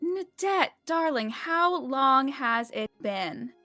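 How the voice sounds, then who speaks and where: A sophisticated society woman with a taste for intrigue, played by a woman. Her voice sits fairly high and her delivery is affected, full of endearments. Faint music runs behind her in this role-play podcast. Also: lively intonation, slow, bright, forceful tone, dry recording, exaggerated voice. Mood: scheming. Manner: affected, calls others darling.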